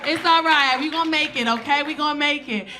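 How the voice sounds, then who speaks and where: Woman comic plays a flamboyant male flight attendant, high, loud and doting, over live crowd laughter. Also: a little fast, background noise, natural voice. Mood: gushing comfort. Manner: gushing, calls everyone honey and baby.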